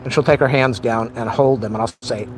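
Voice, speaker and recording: A man's voice: mid-range voice, steady tone, a little fast, noisy background. A middle-aged man venting in a rambling, frustrated casual monologue on a live stream.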